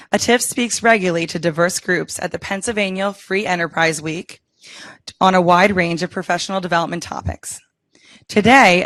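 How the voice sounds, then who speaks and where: A woman's voice: lowish voice, a bit bright, no echo. Woman reading a formal introduction, dry sound. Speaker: event host introducing the speaker. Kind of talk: read introduction.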